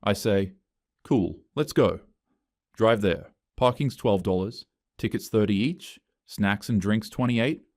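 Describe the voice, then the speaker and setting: A man's voice: lowish voice, unhurried, a little mellow, dry recording. A man narrating a scripted first-person story in short, dry, clipped phrases.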